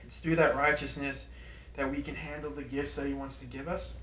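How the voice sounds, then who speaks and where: A man leading a small group Bible study in an informal, animated way, repeating points for emphasis and laughing through his stories. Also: medium pitch, a little fast. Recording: roomy, distant mic with faint background noise.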